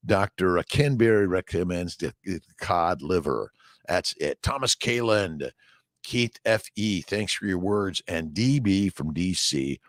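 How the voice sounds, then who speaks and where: A man's voice: low voice, no room sound, clean studio sound. A middle-aged man from Southern California, a doctor chatting casually on a morning livestream, answering viewer comments in a rambling, upbeat, motivational way.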